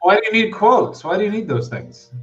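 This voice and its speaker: A man's voice: high-pitched, very animated, fairly quick, fairly bright tone, faint music behind. Brash, mock-grandiose man, dull sound. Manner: mock-grandiose, profane, self-mocking. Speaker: co-host. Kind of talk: comic banter.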